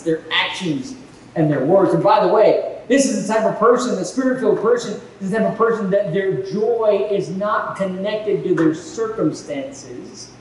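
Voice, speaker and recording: Male pastor, high voice, animated sermon storyteller; echoey church hall from a distance, faint noise. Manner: animated storytelling, acting out quoted exchanges.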